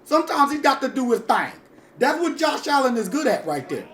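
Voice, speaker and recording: A man's voice: extremely high pitch, big pitch swings, brisk, a crowd in the background, background noise. A man doing casual, hyped commentary over his own video game, talking straight to his viewers in slangy speech. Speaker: gaming YouTuber.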